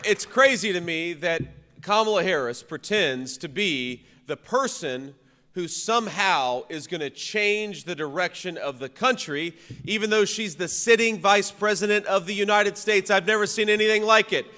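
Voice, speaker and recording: A man, a vice-presidential candidate, gives a political rally speech. He repeats punchy slogans, shouts the big lines, and often restarts his sentences. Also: sits high, normal speed, big-room sound. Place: campaign rally venue.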